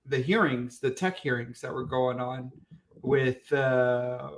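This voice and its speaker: A man's voice: mid-range voice, fairly even intonation, slow pace. A man co-hosting a podcast in easygoing, teasing casual chat. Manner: laughs often, easygoing, teasing. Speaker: podcast co-host.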